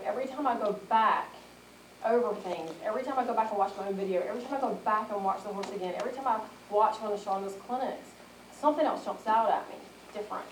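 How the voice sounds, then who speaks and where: A woman speaking quickly and earnestly, wrapping up an event with encouraging closing words. Her voice carries from a little way off the mic and rings around an echoey hall, with a faint hiss underneath. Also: mid-range voice. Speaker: event organizer. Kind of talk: closing remarks to an audience. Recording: echoey room, mic some distance away.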